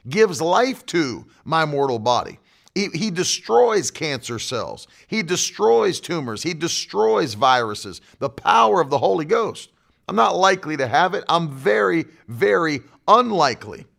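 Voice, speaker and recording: A man's voice: fairly high pitch, gravelly, fairly bright tone. A male pastor preaching a fiery sermon to an online audience, hammering home his points by repeating them. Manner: emphatic, repeats key phrases.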